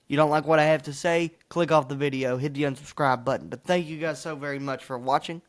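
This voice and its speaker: A young man rants straight into the camera, boastful and worked up. His voice sits a little high for a man, and he curses freely as he insists on his own talent. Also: steady tone, quick pace, hardly any pauses. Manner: frustrated, boastful, profane rant. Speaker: wrestling commentator and vlogger. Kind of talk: ranting to camera.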